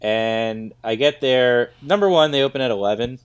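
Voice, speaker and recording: A man in the middle of an ordinary pitch range, co-hosting a loose comedy podcast. He talks in a jokey, punning way and rolls straight into mock sponsor reads. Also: normal speed, clean tone. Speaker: podcast co-host. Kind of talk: casual comedic chat.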